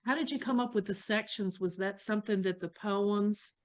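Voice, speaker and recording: A woman's voice: medium pitch, moderate pace. A woman interviewing a poet at a book launch, talking in a casual, effusive and enthusiastic way.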